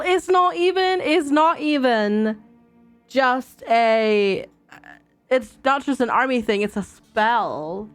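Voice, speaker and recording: A woman's voice: sits high, animated, slow, faint music behind. A young woman streaming a game, chatting and thinking aloud to her viewers. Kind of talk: casual game commentary.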